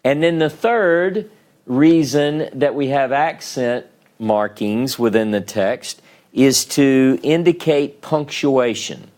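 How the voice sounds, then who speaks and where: Southern man, classroom teacher, slow and methodical, checks in often with the class. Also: mid-range voice, a little mellow. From Southern United States. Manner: patient step-by-step explaining, checks in with "okay?" and "right?". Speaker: Hebrew teacher. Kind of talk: classroom lecture.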